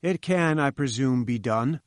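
A man's voice: mid-range voice, measured pace, no echo, studio quality, natural voice. A man voicing a domineering, haughty older male scientist who barks orders. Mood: imperious. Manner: haughty and commanding.

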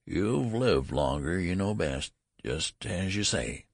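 A man's voice: low-pitched, animated, slow pace, vocal fry, dry recording, studio quality, heavily acted. A man voicing a meek old man who has just been born, speaking in a plaintive, quavering way. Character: elderly man in a newborn's place, meek and quavering.

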